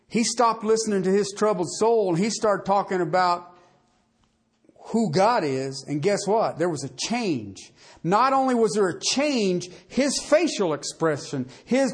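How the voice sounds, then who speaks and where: A lively preacher mid-sermon, the voice climbing and dropping across a wide range. The delivery is folksy and conversational, built on rhetorical questions tossed out to the listeners. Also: medium pitch.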